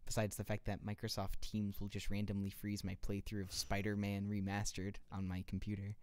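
A man's voice: fairly low pitch, monotone, brisk, a little mellow, smooth, no room sound. A man co-hosting a podcast in casual chat, jokey and playful, telling stories animatedly. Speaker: podcast co-host.

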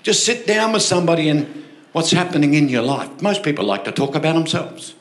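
In a church hall with echo and background music, an older Australian pastor delivers a storytelling sermon. His voice is a touch high and fairly quick, and he's lively, often asking the crowd for an amen.

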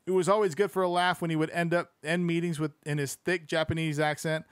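A young man with a fairly high voice reads a book aloud in a loose, casual way, swearing freely and dropping joking asides between passages. The sound is dry and close, with almost no room around it. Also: little pitch movement, fast, clean tone, no room sound. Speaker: podcast host reading a book aloud.

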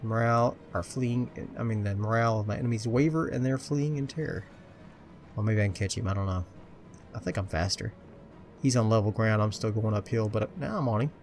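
A gameplay commentator talks his way through his own play, muttering, chatting and poking fun at himself. His voice is lowish and darkish in tone, fairly quick, with a little hiss or hum on the recording.

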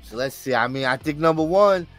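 A man co-hosting a podcast in casual chat, his somewhat high voice swinging up and down with lots of life. He teases his partner and laughs often, with faint music playing behind him. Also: expressive, fairly quick, fairly bright tone. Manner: playful, teasing, laughs often. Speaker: podcast co-host.

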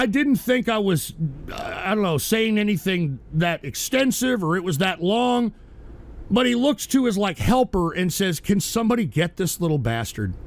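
Gravelly high-voiced man ranting profanely. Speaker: radio show host. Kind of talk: angry live-stream rant.

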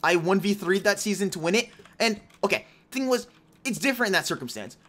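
A man's voice: high-pitched, lively intonation, fairly quick, a bit bright. A young man commentating his own game as he plays, chatting to himself and to viewers and teasing the other players. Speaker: gaming YouTuber. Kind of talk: live gameplay commentary.

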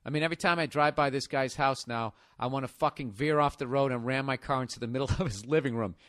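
A man with a Boston accent, a podcast host ranting in comedic, profane bursts, now and then laughing loudly. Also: mid-range voice, fast talker, no room sound, clean studio sound.

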